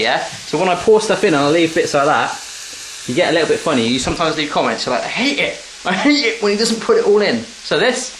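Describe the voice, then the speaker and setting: Chatty English man in an echoey kitchen. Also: on the high side. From England. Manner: chatty, jokey, talks to viewers while cooking. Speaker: cooking vlogger. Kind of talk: casual cooking demonstration. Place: home kitchen. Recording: echoey kitchen with frying noise. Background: sizzling frying pan.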